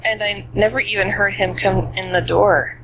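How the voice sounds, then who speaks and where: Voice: medium pitch, steady tone, moderate pace, fairly bright tone, a little hiss or hum, poor audio. Streamer reading a visual novel aloud. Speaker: game streamer.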